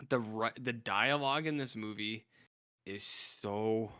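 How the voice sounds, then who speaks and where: A man's voice: lowish voice, slow pace, pushed and bright, clear, resonant tone. A man in casual podcast chat, rambling about a bad horror film and acting out its scenes, with lots of "like" along the way. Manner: rambling, heavy on "like", acts out scenes while recapping a film. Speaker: podcast co-host.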